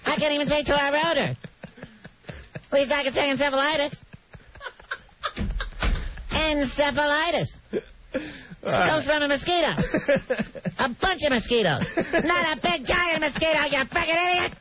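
A man doing a shrill ranting sports radio host. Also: moderate pace, pauses often. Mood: mocking. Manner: mocking, insulting, rambling. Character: loud excitable male sports radio host. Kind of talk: comic radio impression. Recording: muffled radio audio with noise.

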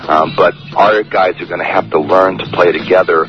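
A man's voice: low-pitched, steady tone. A man, a basketball assistant coach, speaking matter-of-factly in a radio interview clip. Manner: quick, matter-of-fact. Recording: dull radio clip with music.

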